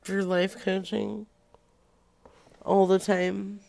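A woman's voice: mid-range voice, level tone, very slow, gravelly, a little mellow. A woman co-hosting a prank call show, brash and crude, teasing and laughing a lot in casual banter.

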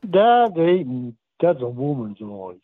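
A man on the phone answers in short, blunt bursts at a middle pitch. The line is tinny, thin and dry, with no room sound at all. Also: sing-song, takes it slowly, no room sound. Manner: blunt, terse replies.

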